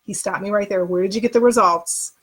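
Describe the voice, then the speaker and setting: A middle-aged woman speaks at a medium pitch for her sex. She tells a personal story to the camera in a candid, conversational way. Her retelling is openly emotional and rambles a little. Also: brisk, husky. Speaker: vlogger.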